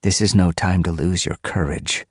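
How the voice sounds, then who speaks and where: A man's voice: sits low, moderate pace, slightly rough, no room sound, studio quality, voice pushed up. A man voicing a cool, scheming she-cat. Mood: commanding. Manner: coolly persuasive, calm.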